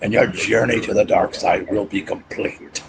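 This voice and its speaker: A man doing an impression of a sinister old male film villain with a slow, creepy, menacing drawl. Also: fairly low pitch, fairly even intonation, gravelly, over a noisy crowd, voice pushed down, rough recording.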